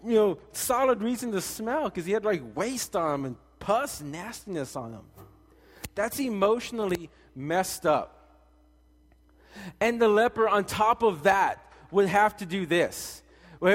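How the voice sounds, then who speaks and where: A young man preaching a sermon in a casual, animated way, full of slang and acted-out voices. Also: sits high. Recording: long hall reverb.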